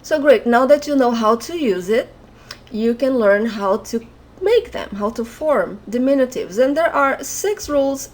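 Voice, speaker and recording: Slow, patient Brazilian woman teacher. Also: fairly high pitch. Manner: patient, repeats example words slowly. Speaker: language teacher. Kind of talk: online language lesson.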